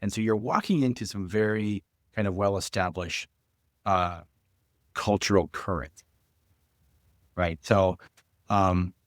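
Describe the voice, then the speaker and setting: A man with a very low, deep voice talks over a podcast in a thoughtful, hedging way, full of fillers and restarts. The sound is dry and close, with no room around it. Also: slow pace, pauses often, dry recording. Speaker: fundraising coach. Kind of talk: casual podcast discussion.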